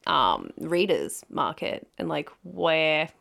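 A woman author co-hosting a podcast, thinking aloud in a relaxed, hesitant way. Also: low-pitched, slow pace, creaky. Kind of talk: casual podcast chat.

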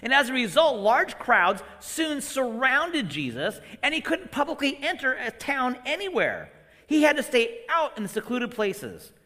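A middle-aged man preaching a sermon, acting out quotes with sudden loud bursts and hushed whispers. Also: high-pitched, in a large hall. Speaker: guest preacher.

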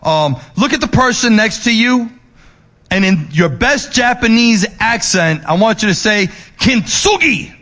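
A male pastor preaching, moving between emphatic raised lines and soft, low ones, with restless repetitions and restarts. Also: lively intonation, a little slow. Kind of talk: sermon.

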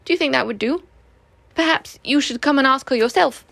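A woman's voice: high-pitched, brisk, vocal fry, a bit bright, dry recording, pitched above the performer's own voice. A woman voicing a cheerful, curious young boy in a storybook reading. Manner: cheerful and wondering.

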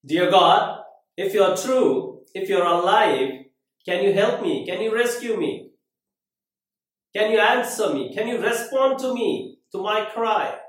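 A man voicing a proud, desperate man hanging from a cliff, raised and strained as he shouts. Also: sits high, lively intonation, moderate pace, distant mic. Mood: pleading. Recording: very echoey room.

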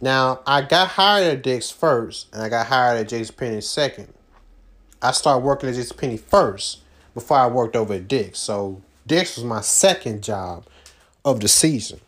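A man's voice: medium pitch, lively intonation, normal speed, fairly bright tone. A man telling a loose, profane story about his jobs, full of slang and fillers, recorded without a proper microphone. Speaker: vlogger recounting his job search. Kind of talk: casual rambling storytelling.

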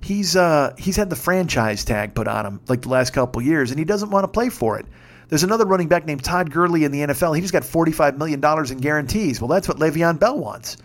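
A man's voice: a little high, animated, fast talker. A man in his fifties telling a rambling, profane story in a casual rant, getting more and more worked up. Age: 50s. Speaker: podcast host.

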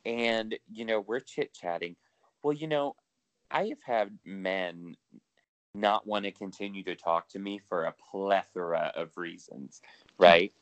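A man's voice: low voice, a little slow, dry recording. A man co-hosting a podcast in casual chat, talking freely with lots of swearing and laughter. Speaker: podcast co-host.

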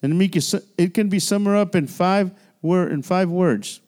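A man's voice: high voice, moderate pace, a little mellow. A man pastor preaching a midweek church sermon in a conversational style, with frequent restarts and call-and-response. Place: church sanctuary.

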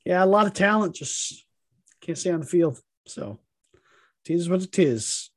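A man's voice: sits high, expressive, unhurried, no room sound. A man rattles off his lines with lots of movement in his voice, rising and dipping as he trash-talks. His sound is dry and close on a podcast microphone. He talks in casual, profane banter that is full of playful insults. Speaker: podcast co-host.

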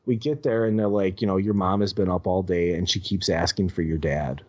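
A man telling a personal story as a podcast guest, halting with many restarts and casual swearing. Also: low voice, fairly even intonation. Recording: dull lo-fi audio.

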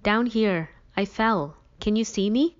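A woman's voice: medium pitch, unhurried, pitched above the performer's own voice, lightly acted. A woman voicing an injured teenage boy with a sarcastic, self-mocking manner. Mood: weary. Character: injured teenage boy, wry and dry-witted. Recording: dull lo-fi recording.

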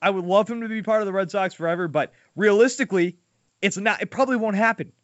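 A man's voice: sits high, fast, no echo. A man hosting a podcast in casual, opinionated sports chat, talking emphatically. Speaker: podcast host. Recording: dull lo-fi dry sound.

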